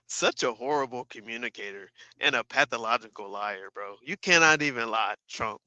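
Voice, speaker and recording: A man's voice: medium pitch, normal speed, hardly any pauses, sharp tone, dry recording. A man giving casual livestream commentary, ranting emphatically and profanely with repeated asides to his viewers.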